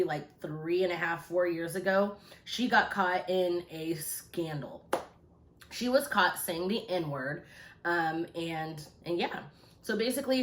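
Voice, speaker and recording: Female vlog host, lower voice, casual rambling chit-chat, phone mic, echoey room. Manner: relaxed, rambling, many fillers. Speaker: YouTube commentary host.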